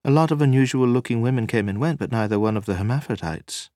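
A man's voice: mid-range voice, fast talker, dark tone, no room sound, clean studio sound, voice pushed up, close to an everyday voice. A man reading an audiobook, voicing a curious, chatty woman in a lightly raised voice.

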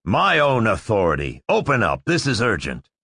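A man's voice: on the low side, sing-song, slow pace, fairly bright tone, slightly rough, no echo, studio quality, full character voice. A man voicing a tense, commanding director who speaks curtly and sharply, in a storybook reading. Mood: grim.

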